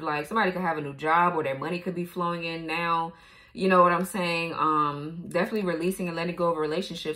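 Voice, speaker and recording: A woman's voice: lowish voice, sharp tone. Blunt, profane woman reading tarot cards. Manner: blunt, profane, laughs often. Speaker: tarot reader.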